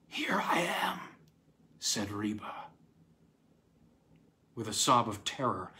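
A man narrating a horror story aloud, dramatic, with sharp swings in pitch and loudness. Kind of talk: scripted horror story reading.

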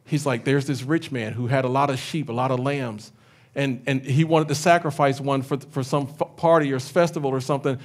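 A man preaching a sermon as pastor, animated, retelling scripture in everyday speech. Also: medium pitch, brisk. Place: church sanctuary.

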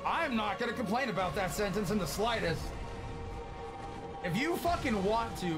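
A man in his late twenties, chatting casually and profanely with his live-stream audience while he plays a game, loud one moment and soft and thankful the next. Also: high voice, normal speed, music in the background. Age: late 20s. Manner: excitable and profane, swinging between loud outbursts and soft thanks.

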